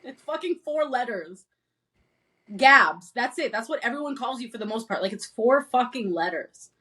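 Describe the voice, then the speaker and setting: On a casual podcast, a woman co-host rants bluntly and profanely in a high, bright voice with lively, cutting energy. She talks at a moderate pace, her voice slightly rough, and she isn't from the American South.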